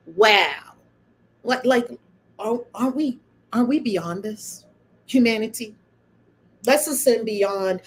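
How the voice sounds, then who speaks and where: A woman hosting her own channel, giving a casual spiritual monologue in an animated, emphatic and preachy way, often breaking into laughter. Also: mid-range voice, moderate pace. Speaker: channel host and spiritual speaker.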